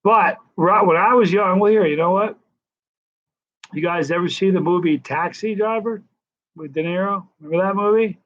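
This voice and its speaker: A man in his sixties hosting a casual live stream Q&A, telling stories in a chatty, animated way. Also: high voice, normal speed. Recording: dull lo-fi live stream audio.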